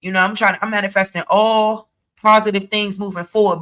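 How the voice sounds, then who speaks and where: A woman hosting a reaction commentary, talking to her viewers in a sassy, animated way. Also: medium pitch, fairly quick, rough recording. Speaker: commentary channel host.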